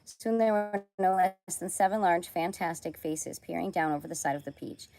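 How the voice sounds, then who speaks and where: A woman reading a children's novel aloud in a lively, expressive way. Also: on the low side, normal speed, poor audio. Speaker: storybook reader.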